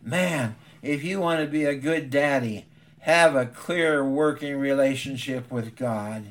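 A man's voice: medium pitch, unhurried. A man preaching a story-driven sermon in an earnest voice, often stumbling and repeating his words.

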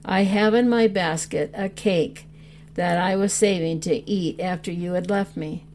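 An earnest little shepherd boy speaks in a hushed, tender way, read aloud by a woman. The tone is low and mellow, and the pace is unhurried. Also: slight background noise, lightly acted. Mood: ashamed, earnest.

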